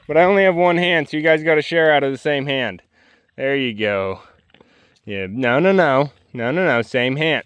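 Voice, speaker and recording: A man on a farm outdoors, gently and playfully coaxing his animals in casual talk. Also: on the high side, expressive, normal speed, clear, resonant tone, no echo. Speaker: homestead vlogger.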